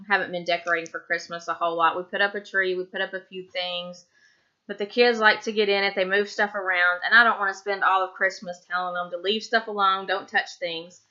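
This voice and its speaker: A woman's voice: medium pitch, sharp tone, highs cut off. A woman in her thirties from Tennessee with a Southern accent, chatting casually to camera in a rambling way with many ums. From Tennessee, USA. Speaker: craft vlogger.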